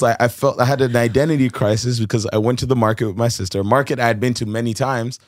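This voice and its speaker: A man's voice: medium pitch, fast, few pauses, no room sound, studio quality. A young man from Kenya hosting a casual podcast chat, reflective and hesitant, full of fillers and restarts, laughing easily. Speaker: podcast host.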